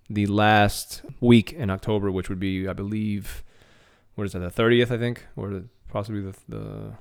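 A man hosting a podcast, chatting casually and excitedly about MMA news, often repeating words and restarting his phrases. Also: fairly low pitch, smooth. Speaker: podcast host.

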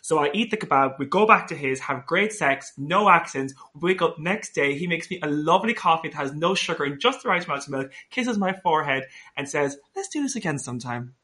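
A man's voice: on the high side, a little fast, few pauses, sharp tone. A man co-hosting a podcast, telling a long story in a camp, playful way in casual chat. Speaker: podcast co-host.

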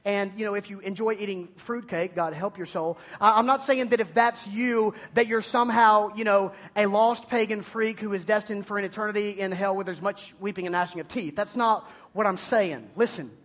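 A man, preaching as a high school youth pastor, with playful storytelling and sudden loud bursts. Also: fairly even intonation, moderate pace, few pauses. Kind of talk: energetic youth sermon.

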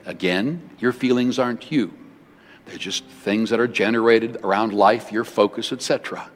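A man preaching a sermon as pastor in a large church building, switching between loud bursts and hushed words. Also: lowish voice, normal speed. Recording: long hall reverb.

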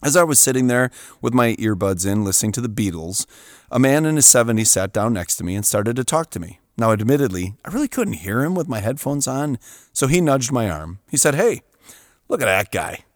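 A middle-aged man hosting a show, telling a story in an animated way and often chuckling. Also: medium pitch, brisk, no echo, clean studio sound. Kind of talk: storytelling monologue.

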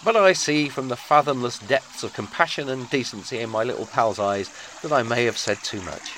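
A man's voice: mid-range voice, a little fast, fairly bright tone, slight background noise. A man hosting a podcast, delivering a dry, sarcastic, theatrical monologue. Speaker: podcast host. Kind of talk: scripted sardonic monologue.

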